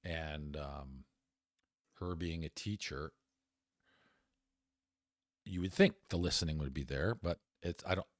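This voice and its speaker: Deep-voiced man in his fifties, animated storyteller. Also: slow, long pauses, no echo, clean studio sound. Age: 50s. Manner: animated storyteller, swears, laughs while telling. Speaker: podcast co-host. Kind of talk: casual chat.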